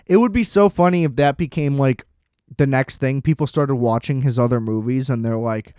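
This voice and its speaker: A man's voice: medium pitch, moderate pace, mellow, smooth, dry recording, studio quality. A man ranting in casual commentary, profane and sarcastic, exasperated and laughing at his own jokes.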